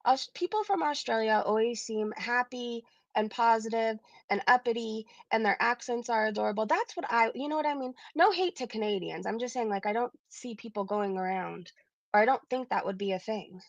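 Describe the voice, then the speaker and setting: A woman's voice: a little high, a little fast, gravelly, no room sound, dull audio. A woman hosting a casual livestream, rambling with lots of fillers and frequent laughs. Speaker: livestream host.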